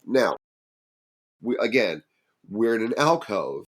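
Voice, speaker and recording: A middle-aged man casually recounting a true story from his teen years as a podcast guest, lively and acting out other people's lines. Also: lowish voice, slow.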